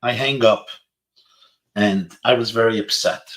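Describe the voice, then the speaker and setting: A man's voice: fairly low pitch, measured pace, fairly bright tone. A man, a rabbi, giving an inspirational talk to teenagers over a webinar, telling stories sprinkled with Yiddish and Hebrew phrases. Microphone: webinar video call.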